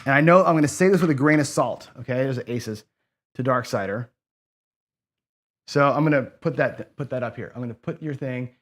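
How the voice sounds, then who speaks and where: Brisk and medium-pitched, a man runs a casino craps video, thinking through the bet math out loud. He fixes his own slips and keeps up casual chatter with viewers as he comments on the gambling.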